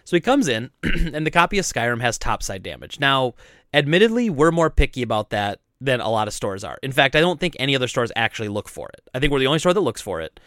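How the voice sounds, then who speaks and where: A man running a game store, telling customer stories in a casual, animated chat and acting out the people involved. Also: mid-range voice, fast talker, no room sound, studio quality. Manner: animated, laughing, acts out customers and coworkers. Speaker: game store owner, podcast host.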